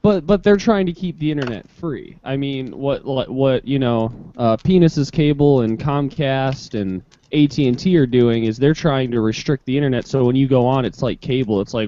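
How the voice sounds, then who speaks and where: A co-host talking in a rambling, excitable way, full of "like", on a dull video-call line. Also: male voice, moderate pace, few pauses. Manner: rambling, lots of "like", rising pitch when excited. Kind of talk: casual podcast chat. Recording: dull, dry lo-fi call audio.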